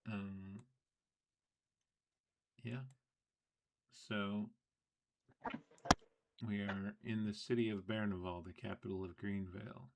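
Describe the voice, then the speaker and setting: A man with a low voice is running a tabletop game. He talks casually and easily with his players before the session begins. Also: little pitch movement, takes it slowly, gravelly, long pauses, slight background noise. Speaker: game master.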